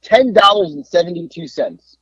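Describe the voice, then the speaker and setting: A man co-hosting a podcast, telling a story in a casual, animated way and acting out the people he talked to on the phone. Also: sits high, normal speed, no room sound. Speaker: podcast co-host. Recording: dull lo-fi dry sound.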